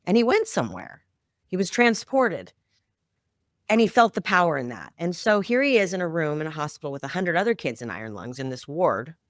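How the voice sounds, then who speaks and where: A woman's voice: on the low side, sing-song, a little fast, no room sound, studio quality. A middle-aged woman, a guest on a podcast, telling a family story in a heartfelt, emotional way. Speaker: guest, founder of a children's music project. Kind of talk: conversational storytelling interview.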